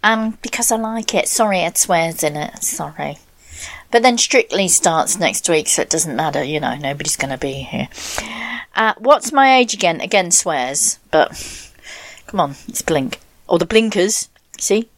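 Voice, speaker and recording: Her voice is fairly low, expressive and a little slow as she presents a chatty home radio show from her bathroom, the sound dry and close-miked. Rambling and self-deprecating, she laughs and whispers asides while frequently bumping the desk mic.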